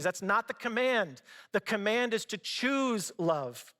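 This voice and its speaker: A man's voice: high-pitched, animated, normal speed, few pauses, pushed and bright. A middle-aged man, a pastor, preaching a sermon in a conversational way with personal stories. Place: church sanctuary. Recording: long hall reverb.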